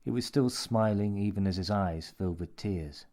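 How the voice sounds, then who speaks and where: Male narrator, low voice, measured, steady audiobook reading. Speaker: story reader.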